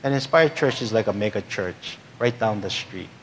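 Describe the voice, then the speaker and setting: A man's voice: fairly low pitch, lively intonation, normal speed, a bit bright, a little hiss or hum. A male pastor telling a humorous story in a sermon, acting out the voices of the people in it. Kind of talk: sermon anecdote.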